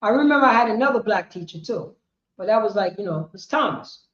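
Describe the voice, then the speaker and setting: A woman teaching a history class, lecturing emphatically, repeating herself and rising to shouts. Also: medium pitch, animated, fast. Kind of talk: street-preaching lecture. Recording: roomy, dull lo-fi sound.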